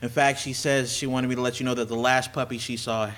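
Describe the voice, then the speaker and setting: Man introducing his wife, joking and halting. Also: mid-range voice, level tone, a bit bright. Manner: joking, halting delivery with many fillers. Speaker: presenter's husband introducing her. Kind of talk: introduction speech at a public event. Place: campus event venue.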